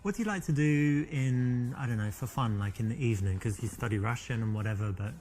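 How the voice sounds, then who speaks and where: A man's voice: mid-range voice, brisk, darkish tone, lightly acted. An actor playing a cocky, blunt English man on a date in a dating game, talking with an English accent. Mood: flirty. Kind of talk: video game dialogue.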